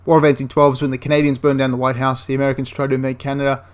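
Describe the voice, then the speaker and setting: A man's voice: mid-range voice, level tone, rapid-fire, clear, resonant tone. A man giving a casual, enthusiastic spoken review of a tabletop wargame, rambling into asides and restarting his sentences.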